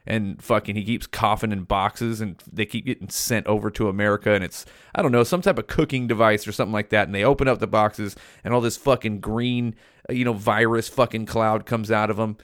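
A man's voice: fairly low pitch, fairly even intonation, fairly quick, no echo, studio quality. A young man hosting his own podcast, ranting bluntly and swearing constantly in a casual solo monologue. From California. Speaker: podcast host.

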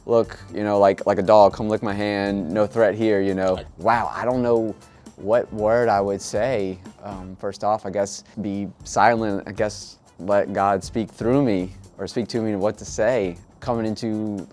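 Hesitant, reflective man, lowish voice. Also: fairly even intonation, measured pace, a little mellow, faint music behind. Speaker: podcast guest. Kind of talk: casual chat.

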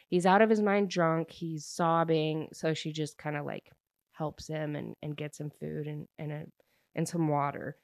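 Low-voiced young woman, rambling book recap. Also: a little mellow, no room sound, clean studio sound. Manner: chatty, rambling, many fillers and restarts. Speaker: book reviewer. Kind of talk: casual plot recap.

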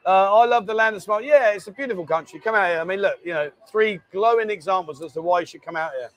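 High-voiced man, chatty host. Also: fast, fairly bright tone. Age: 50s. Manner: banter, reading out viewer comments. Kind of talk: casual live-stream chat.

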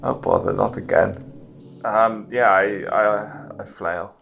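Gravelly low man, teasing. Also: steady tone, slow, fairly bright tone, a little hiss or hum. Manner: joking, teasing and crude. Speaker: podcast co-host. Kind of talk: casual chat.

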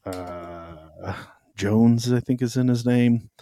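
A man's voice: mid-range voice, slow pace, dark tone, no echo, clean studio sound. A man co-hosting a podcast, chatting casually in a rambling, joking way with lots of fillers. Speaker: podcast co-host. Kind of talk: casual chat.

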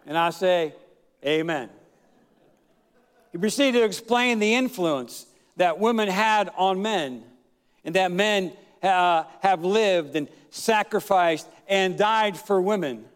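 A male pastor preaching a sermon, telling a story with fillers, drawn-out words and shouted emphasis. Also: high-pitched, clean tone, long reverb tail.

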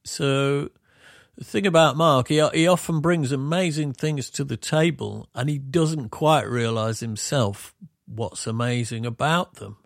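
A middle-aged Yorkshire man chatting in a loose, rambling way, often breaking off and restarting. His voice has a gravelly, creaky texture. The sound is dry and close. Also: medium pitch, unhurried, dry recording. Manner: rambling, self-interrupting, explains gently. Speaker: podcast co-host, musician. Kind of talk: casual reminiscing chat.

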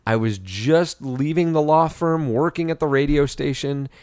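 A man's voice: fairly high pitch, moderate pace, clean tone, no room sound, studio quality. A man in his forties co-hosting a movie podcast, telling stories in casual, profane banter full of laughs. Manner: profane, laughing, animated storyteller. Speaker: podcast co-host.

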